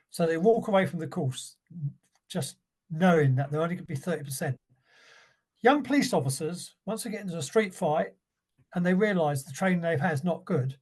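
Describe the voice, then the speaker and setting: Blunt self-defence instructor. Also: male voice, fairly high pitch, a little mellow. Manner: blunt, emphatic, repeats key points. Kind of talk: casual podcast conversation.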